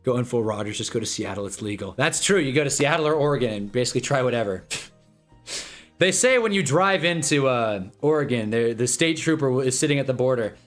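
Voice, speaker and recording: A man's voice: medium pitch, expressive, fairly quick, a bit bright, soft background music. A man hosting a casual livestream watch-along, rambling and joking and laughing often. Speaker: livestream host.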